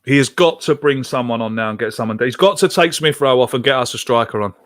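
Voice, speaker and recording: Reading out comments from his viewers, this man hosts a football watch-along stream, reacting with plenty of exasperation. His mid-range voice has a fairly bright tone, and he talks fast.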